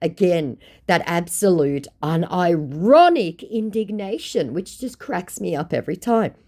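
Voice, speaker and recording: Sarcastic woman with a lively, mellow voice. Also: on the low side, measured pace. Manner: sarcastic, mocking. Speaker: scambaiting video creator. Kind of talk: casual narration reading out chat logs.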